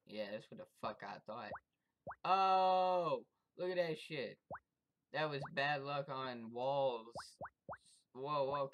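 A gameplay commentator who trash-talks enemies in profane, excitable bursts and yelps when startled. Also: mid-range voice, slow pace, muffled recording, background noise. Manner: taunts the game's enemies directly. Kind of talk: let's-play commentary.

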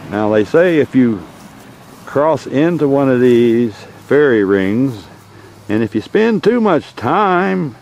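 A man's voice: mid-range voice, big pitch swings, slow pace, darkish tone, a little hiss or hum. A man narrating a casual outdoor vlog in a folksy, meandering way. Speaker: vlogger. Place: outdoors in a rural yard.

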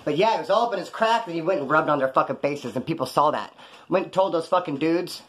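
A former prisoner telling stories about prison life in a blunt, rambling, profane way. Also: male voice, on the high side, animated, fast. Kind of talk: casual storytelling monologue.

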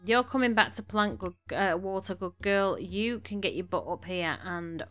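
Lady rambling thru a farming game, bossy with her sims, bit snuffly, middle pitch. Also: moderate pace, a bit bright. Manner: chatty, bossing game characters around. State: snuffly from allergies. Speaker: gameplay commentator. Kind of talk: casual gameplay commentary. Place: home room.

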